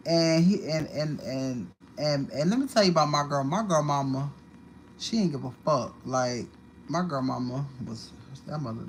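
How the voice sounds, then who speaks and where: Profane, animated woman livestreamer. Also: low-pitched, a little hiss or hum. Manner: profane, animated storytelling with sudden loud outbursts. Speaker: livestream host. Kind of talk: casual livestream monologue.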